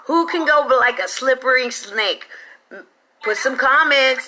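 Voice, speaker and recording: Woman, picture book read-aloud, lively asides to kids, bright tone. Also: sits high, a little slow, slight background noise, rough recording. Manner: lively, chatty asides to children. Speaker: children's story reader.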